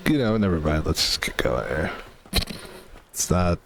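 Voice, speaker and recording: A man's voice: low-pitched, very animated, measured pace, creaky, long pauses, slight background noise. A man casually commenting while playing a video game, rambling between jokes and swearing freely. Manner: rambling, profane, joking asides. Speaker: gaming YouTuber. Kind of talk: casual let's-play commentary.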